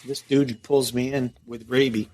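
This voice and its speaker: A middle-aged man from the United States, a former prison captain, telling a story as a podcast guest in a casual, profane, animated way. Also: mid-range voice, a little slow. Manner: profane, animated storytelling, acts out quoted dialogue.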